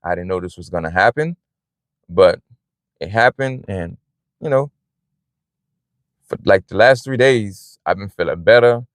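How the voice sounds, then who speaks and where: Low-voiced man rambling earnestly outdoors. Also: measured pace, long pauses, no echo. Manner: rambling and earnest, with frequent "man" and "you know". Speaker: vlogger. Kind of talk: casual personal vlog talk. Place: outdoors in a big parking lot.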